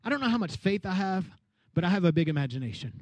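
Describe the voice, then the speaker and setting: A pastor delivers an energetic sermon in a notably high voice, urging his listeners to repeat his words and acting out the people in his story. The sound is close and dry, with no room echo. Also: fast, lo-fi sound. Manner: energetic preaching with call-and-response.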